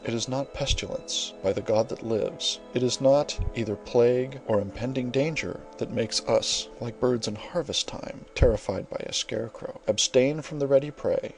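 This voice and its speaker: A man's voice: lowish voice, vocal fry, rough recording. A man reading aloud who voices a proud, fiery general, raging and vowing in grand, declamatory oaths.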